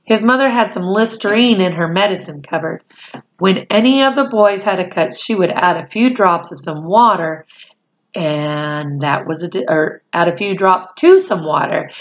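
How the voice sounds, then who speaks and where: A woman's voice: fairly low pitch, normal speed. A woman reading a children's novel aloud, who corrects small slips and stops to explain words. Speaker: storyteller.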